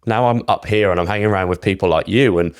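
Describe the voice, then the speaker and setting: A blunt, enthusiastic man with a very deep voice, swearing casually as he chats. The sound is close and dry. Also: quick pace, clear, resonant tone, no echo. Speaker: podcast co-host. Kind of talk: casual podcast conversation.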